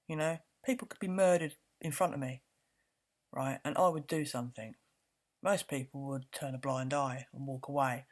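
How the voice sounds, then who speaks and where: A woman's voice: very deep voice, steady tone, normal speed. A woman vlogging an indignant, swearing rant to camera, repeating words for emphasis.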